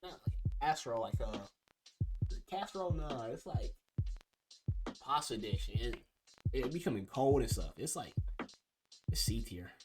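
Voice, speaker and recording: A young man talks through his thoughts in a loose, offhand way, often trailing off and starting over. His pitch sits in a middle range. Music plays clearly underneath him. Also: animated, moderate pace, long pauses. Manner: rambling, trailing off and restarting. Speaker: video creator ranking food. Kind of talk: casual commentary. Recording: music playing behind.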